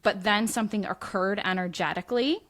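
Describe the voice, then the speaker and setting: A woman's voice: mid-range voice, brisk, a bit bright. Chatty woman reading tarot on a podcast. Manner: chatty, musing, spiritual. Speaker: guest medium and tarot reader. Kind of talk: casual podcast chat.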